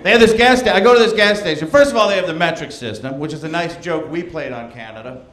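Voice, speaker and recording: A man's voice: a little high, fast, fairly bright tone, reverberant. A man doing a stand-up routine in a rambling, wry way. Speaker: stand-up comedian.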